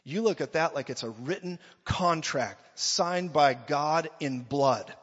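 Man, preacher, emphatic sermon, fairly high voice, mock voices for quotes, long hall reverb. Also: lively intonation, slow, fairly bright tone, slightly rough. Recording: long reverb, dull lo-fi sound.

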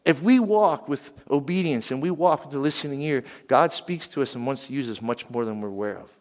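A middle-aged man from western Pennsylvania preaches a sermon at an even middle pitch. He talks in an animated way and keeps asking the congregation questions. His voice rings with the long reverb of a large hall. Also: a little fast. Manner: animated, asks the crowd questions.

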